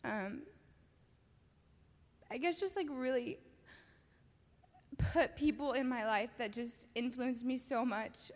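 A young woman with a slightly high voice tells her story before a church gathering, halting and laughing nervously between thoughts. Her voice rings out in a big hall with a long reverb trailing each phrase. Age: young adult. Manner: giggly, halting, many fillers. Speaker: baptism candidate giving testimony. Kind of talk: personal testimony in church. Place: church service.

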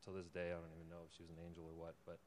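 A young man with a fairly low voice preaches to a crowd in a large hall, and long reverb trails after his words. He tells his story in a relaxed, chatty way and laughs often. Then he pushes into earnest, fervent exhortation. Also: racing, slight background noise. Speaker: lay preacher giving a testimony. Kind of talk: informal sermon testimony.

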